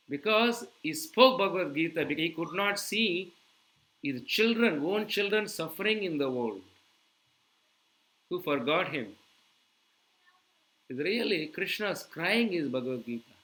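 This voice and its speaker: A man preaching to his listeners. His voice sits a little high and rings bright and forceful. He keeps turning to the audience with quick rhetorical questions, animated throughout. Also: low-quality recording. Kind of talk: sermon.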